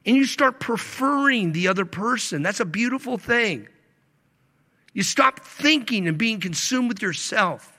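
A male pastor delivering a sermon, stretching key words slowly and swinging between loud emphasis and hushed asides. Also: sits high, expressive. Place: church sanctuary. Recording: long reverb of a large hall.

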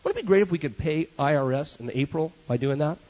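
A man preaching a sermon as pastor, an animated storyteller with joking asides. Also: on the high side, fast. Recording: dull lo-fi sermon recording.

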